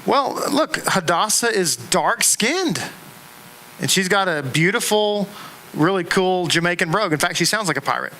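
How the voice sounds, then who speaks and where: A middle-aged man teaching a class to a congregation in a synagogue classroom, speaking in an animated way, repeating words and making asides and jokes to the room. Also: sits high, moderate pace, slight background noise, poor audio.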